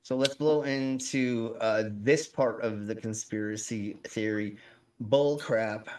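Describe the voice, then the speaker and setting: A man's voice: fairly low pitch, slow, darkish tone, distant mic, a little hiss or hum. A man hosting a live stream in a loose, joking way, swearing freely. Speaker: stream host. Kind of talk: casual profane chat.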